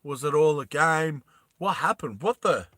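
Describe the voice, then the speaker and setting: Bright-voiced man rambling through a story. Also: fairly high pitch, measured pace, no echo, studio quality. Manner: animated, laughing, rambling. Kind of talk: casual storytime retelling.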